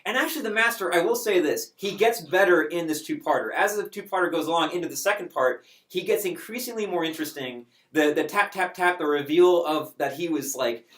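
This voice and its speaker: A man chatting casually as a reviewer, animated and emotional, with many fillers. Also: on the high side, a little fast, few pauses, roomy sound.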